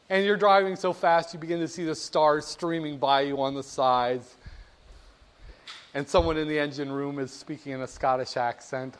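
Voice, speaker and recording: High-voiced lively male lecturer. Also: measured pace. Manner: lively, jokey, speaks straight to students. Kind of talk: classroom lecture. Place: classroom.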